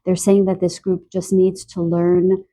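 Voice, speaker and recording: A woman giving a spoken tarot card reading, a little stuffy from allergies and clearing her throat, talking softly and earnestly with emotion. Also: lowish voice, monotone, measured pace. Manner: soft, earnest, emotional about animals.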